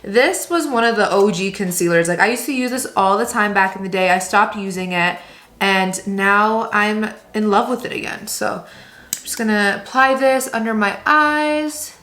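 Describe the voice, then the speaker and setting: Recording in a room at home, a young beauty vlogger talks at a moderate pace through a relaxed get-ready-with-me hair and makeup tutorial, upbeat and packed with product tips. Her medium-pitched voice has a fairly bright tone, and the room echoes.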